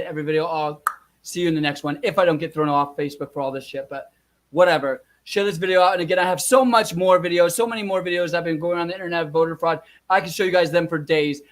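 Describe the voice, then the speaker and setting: A young man venting in a furious, profane rant to his viewers, repeating himself as he builds up. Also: high voice. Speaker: vlogger. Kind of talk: angry rant to camera.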